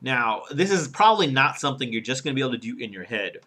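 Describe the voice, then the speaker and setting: Guy coaching you on speaking, bright punchy voice, keeps showing tone going up vs down, lots of uh and um. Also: mid-range voice, very animated, quick pace. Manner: demonstrates rising and falling intonation, casual with fillers. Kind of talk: instructional talk to camera.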